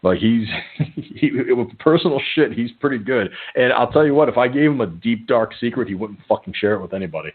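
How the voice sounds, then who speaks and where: A man co-hosting a casual online talk show, profane and animated, joking about himself as a troll. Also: mid-range voice, a little fast, breathy edge. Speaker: podcast co-host. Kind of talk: casual chat. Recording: tinny phone-line audio.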